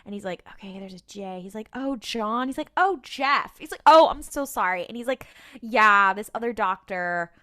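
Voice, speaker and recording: A woman's voice: medium pitch, animated, normal speed, hardly any pauses, sharp tone. A woman co-hosting a casual rewatch podcast, retelling an episode and acting out the characters' lines with laughter. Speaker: podcast co-host.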